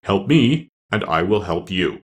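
A man reading a storybook, voicing a stern disembodied giant head that speaks slowly and commandingly. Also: low voice, very animated. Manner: slow, commanding.

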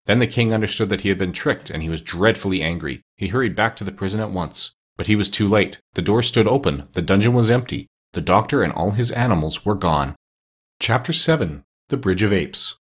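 A man reading a children's novel aloud as an audiobook, in a steady storytelling manner. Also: on the low side, a little fast, slightly rough. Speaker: narrator.

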